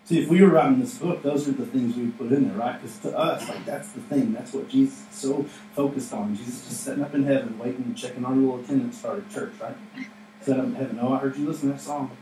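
A man's voice: medium pitch, fast, dark tone. A man preaching a conversational sermon in a church, often asking "right?" and acting out quotes. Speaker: pastor. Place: church sanctuary. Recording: echoey room, mic at a distance, faint noise.

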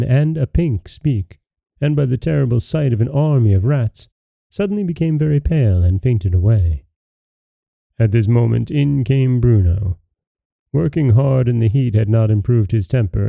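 Gravelly, dark-voiced man reading a fairy tale. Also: mid-range voice, no room sound, dull audio. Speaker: podcast host and storyteller.

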